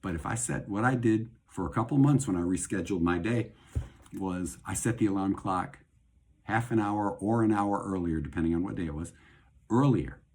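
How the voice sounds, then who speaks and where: Husky, low-voiced man talking casually. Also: normal speed, a little mellow. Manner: rambling, conversational, repeats phrases for emphasis. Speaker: host and doctor. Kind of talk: casual talk on faith and health.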